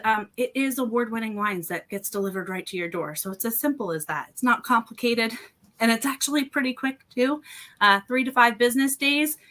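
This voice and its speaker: A woman's voice: fairly high pitch, bright, forceful tone. A woman presenting on a casual live podcast over a video call, chatty and upbeat with lots of ums, sounding a little out of breath. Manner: chatty, upbeat, many ums and you-knows. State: slightly out of breath. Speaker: wine seller and fundraiser co-host.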